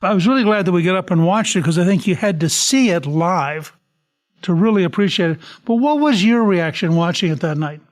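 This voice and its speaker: High-voiced male podcast host, measured. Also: animated. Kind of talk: conversational interview hosting.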